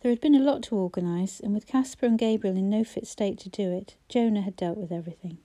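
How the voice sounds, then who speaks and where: A woman narrating a novel in a measured, even storytelling manner. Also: medium pitch. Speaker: audiobook narrator.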